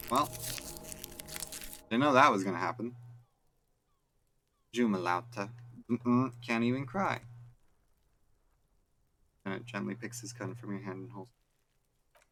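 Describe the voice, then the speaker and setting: A man streaming a video game, reading its text aloud in a flat, deadpan way with wry asides. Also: fairly low pitch.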